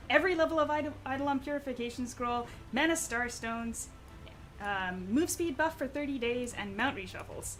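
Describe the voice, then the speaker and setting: A woman's voice: high-pitched, moderate pace, a bit bright, soft background music. A woman hosting a game live stream, chatting casually while she plays and explains rewards.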